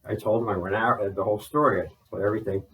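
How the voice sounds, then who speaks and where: A man's voice: fairly low pitch, fairly even intonation, very fast, a bit bright, distant mic, rough recording. A man from New Jersey telling a story in loose, rambling talk full of fillers and swearing. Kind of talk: casual spoken account.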